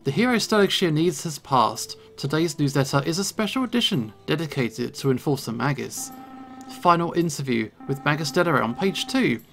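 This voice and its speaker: A man's voice: on the high side, animated, normal speed, creaky, a bit bright, faint music behind. A man voicing a newspaper seller in a video game, announcing headlines in a sing-song way. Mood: hawking.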